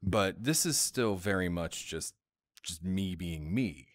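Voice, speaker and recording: A man's voice: low voice, animated, slow, no room sound. A man hosting a casual livestream chat, jokey and rambling, with many restarts. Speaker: host.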